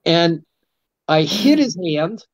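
A middle-aged man, a martial arts instructor, telling rambling, animated anecdotes in a casual interview and acting out what people said. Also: fairly high pitch, takes it slowly, dry recording. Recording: dull, dry lo-fi sound.

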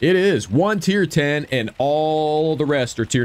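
A man's voice: on the high side, animated, slow pace. A man giving upbeat gameplay commentary and cheering on his own shots. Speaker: gaming video creator.

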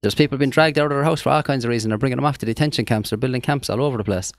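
A man's voice: mid-range voice, racing, dry recording, clean studio sound. An Irish man co-hosting a podcast in casual chat, blunt and indignant and swearing freely. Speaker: podcast co-host.

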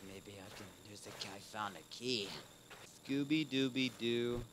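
Brief: male let's-play host, mid-pitched, casual and easily frustrated, some faint hiss behind. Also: a little slow. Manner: casual, keeps saying "dude"; swings between mutters and loud frustrated outbursts. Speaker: gaming video host.

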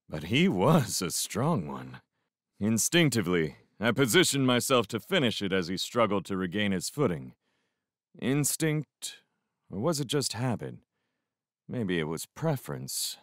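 A man with a fairly low voice reads a novel aloud in the first person, his pitch rising and falling widely as he acts it out. He lets reflective pauses sit, and the close mic in a dry room keeps him near. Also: dry recording. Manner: expressive reading with reflective pauses. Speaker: fan audiobook reader. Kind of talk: first-person audiobook narration.

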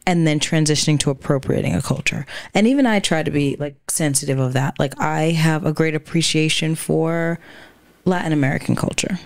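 A woman's voice: sits low, brisk, gravelly, no echo, clean studio sound. Chatty woman co-hosting a podcast. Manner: chatty, hesitant, many fillers and restarts. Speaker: podcast co-host. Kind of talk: casual chat.

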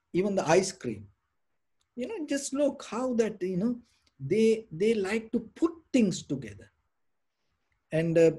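Soft, husky-voiced man teaching meditation. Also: high-pitched. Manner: rambling, many restarts and "you know" fillers. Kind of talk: informal dharma talk.

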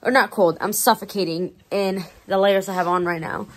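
A woman's voice: mid-range voice, fairly even intonation, moderate pace, background noise. A young woman vlogging outdoors in cold weather, chatty and self-mocking, shivering as she complains about the cold. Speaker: travel vlogger. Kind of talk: casual vlog chat.

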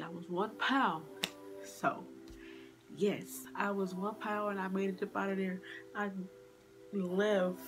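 A young woman vlogging casually, reading a personal letter aloud in a candid, chatty way and laughing to keep from crying. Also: fairly low pitch. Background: background music.

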